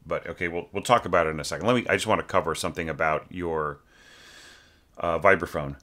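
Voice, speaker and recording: A man with a very low voice talks through a student's orchestral score. He keeps it loose and conversational, thinking aloud with plenty of fillers and humming or singing quick syllables to show how a note should be shaped. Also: sharp tone. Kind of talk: informal score critique.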